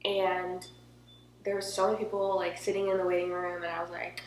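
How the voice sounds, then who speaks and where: A woman's voice: fairly low pitch, flat delivery, a little fast. A young woman telling a personal story in a casual, emotional, chatty way, filling her talk with "like". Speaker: vlogger. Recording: echoey room with faint hum.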